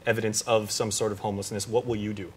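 Host, male, Guam accent, quick upbeat moderator. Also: fairly low pitch, level tone, darkish tone, breathy edge. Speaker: TV talk show host. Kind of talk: hosting a political talk show.

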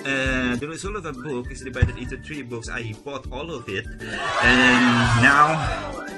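A man teaching a casual video lesson, explaining step by step and repeating each word slowly. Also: medium pitch, loud music behind the voice. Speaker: Arabic teacher.

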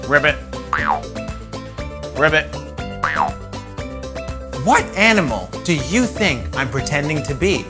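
With music in the background, a children's show host talks directly to little viewers, playfully pretending to be animals on his upbeat preschool program. His fairly high voice swings widely in pitch, moving at a moderate pace with hardly any pauses.

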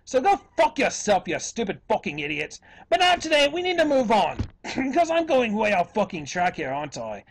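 A YouTube commentator puts on a British accent to play an evil professor, ranting, cursing and hurling insults at other video makers. His high-pitched voice swings hugely in pitch at a normal speed, heavily acted, with a little hiss or hum behind it.

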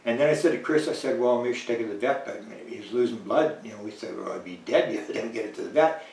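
A man guest in an interview telling a long anecdote in a lively way, acting out the lines of people he quotes and chuckling now and then. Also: mid-range voice, fast, gravelly. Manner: animated, chuckling, acts out quoted dialogue. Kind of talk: anecdotal storytelling in conversation. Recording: roomy, distant mic.

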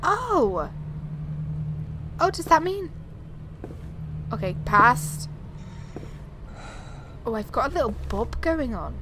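Young woman, gaming commentary, slow drawn-out talk, high-ish voice, frightened yelps, desk USB mic, clear background hiss. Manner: jumpy, talks to herself, frightened exclamations. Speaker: gaming YouTuber. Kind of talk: horror game commentary. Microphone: desk USB microphone. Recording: steady background noise.

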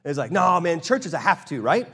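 Conversational pastor with a higher voice. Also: male voice, sing-song, slightly rough. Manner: conversational, acts out both sides of dialogues; slows down and drops quiet to read scripture. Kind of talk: sermon.

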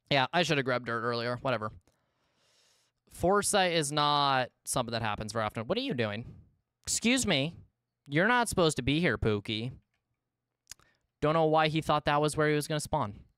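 A male streamer giving casual live gameplay commentary from his room, talking to himself and chat, swinging between exasperated yelps and low mumbling. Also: a bit bright, clear, resonant tone, no room sound, studio quality.

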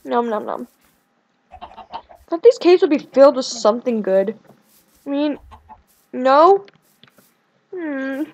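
A young woman chatting casually while playing a video game, rambling and swinging between whiny complaints and excited outbursts. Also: high-pitched, takes it slowly, long pauses, dull audio. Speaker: gaming video creator. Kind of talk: casual let's-play commentary.

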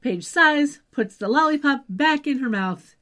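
This woman's voice sits high and sounds a bit bright, animated yet unhurried. As a podcast co-host she recaps a TV episode chattily, with wry asides and a habit of trailing off on "just saying."

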